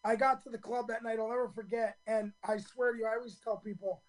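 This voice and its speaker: A hoarse man in his fifties, a stand-up comedian telling his story in a radio interview, earnest and full of ums and restarts. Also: very high voice, steady tone, fast talker, low-quality recording.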